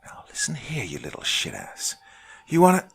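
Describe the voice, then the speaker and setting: A hot-tempered woman detective who hisses and growls in people's faces, as a narrator puts her on. The voice swings from a rasping whisper to a sharp high snap, rough and gravelly. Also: sing-song, a little fast. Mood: threatening. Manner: hissing and growling.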